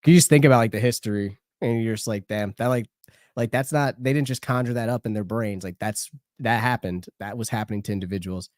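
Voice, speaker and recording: A man's voice: fairly low pitch, a little fast, a little mellow, no room sound, studio quality. A young man co-hosting a live stream, chatting casually, rambling, laughing a lot and swearing offhand. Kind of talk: casual chat.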